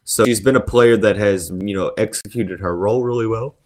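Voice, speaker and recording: A man's voice: lowish voice, brisk, darkish tone. A man hosting a solo sports podcast, talking through basketball news in a rambling way with lots of fillers and restarts. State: yawning and sneezing.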